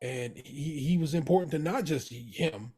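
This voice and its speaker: A man's voice: a little high, measured pace, warm tone. A man co-hosting a podcast, retelling scenes with emphatic energy and frequent swearing. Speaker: podcast co-host. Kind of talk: casual TV recap chat.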